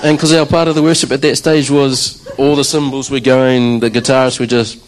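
A man stands before a church congregation and tells his story in an easy, conversational way. His pitch sits right in the middle of the range for a man. He plays out his own surprised reactions as he goes. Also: normal speed, low-quality recording. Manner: conversational, animated storytelling with acted-out quotes. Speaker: church drummer giving testimony. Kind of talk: church testimony.

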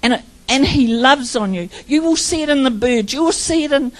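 A woman's voice: high voice, animated, fairly quick, rough recording. A middle-aged woman preaching a personal testimony sermon, telling her story with laughter and tearful moments.

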